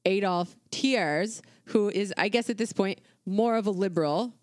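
A woman's voice: mid-range voice, unhurried, a little mellow, no echo, clean studio sound. A woman co-hosting a casual history podcast, talking in an irreverent, profane, conversational way with plenty of fillers. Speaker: podcast co-host.

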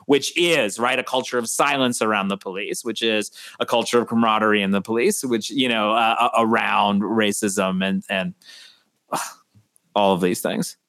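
A man's voice: on the low side, fairly even intonation, moderate pace, fairly bright tone. A man from Westchester, a guest author, speaking casually and thoughtfully, hedging often with "sort of" and "right?". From Westchester, New York. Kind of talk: casual interview talk.

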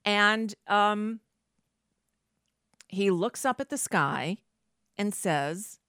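A woman's voice: mid-range voice, animated, extremely slow, fairly bright tone, smooth, no room sound, clean studio sound. A woman hosting casual political commentary, sarcastic and rambling with many fillers.

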